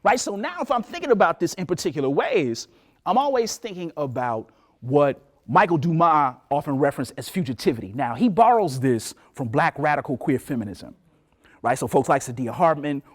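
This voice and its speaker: A man in his late forties giving a talk as a professor, telling a story with lively asides and acted-out voices. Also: on the high side, moderate pace. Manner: animated storyteller, acts out voices, laughs. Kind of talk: lecture with storytelling.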